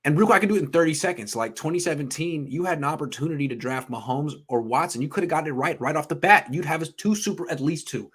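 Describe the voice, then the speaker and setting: A man's voice: on the high side, lively intonation, fast, few pauses, slightly rough. A man hosting a sports podcast, ranting with profane, emphatic bursts in heated sports talk.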